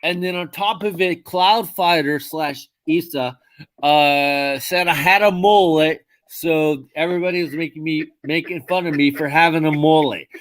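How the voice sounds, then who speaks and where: A drunk man hosting a livestream, loud and profane, laughing with his callers. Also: on the high side, normal speed. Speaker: host. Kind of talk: livestream chat.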